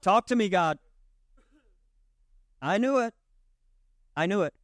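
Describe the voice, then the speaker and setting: A gleeful, label-hungry man crows in a high, excited voice, as a preacher puts him on. He demands answers in a dry, close sound. The whole bit plays as a mocking aside inside a sermon. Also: moderate pace, dry recording. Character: eager adult man grabbing labels, gleeful.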